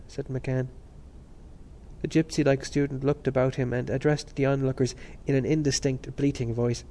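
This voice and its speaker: A man reading a novel aloud as narrator, steady and measured. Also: mid-range voice, vocal fry. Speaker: audiobook narrator. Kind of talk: scripted narration.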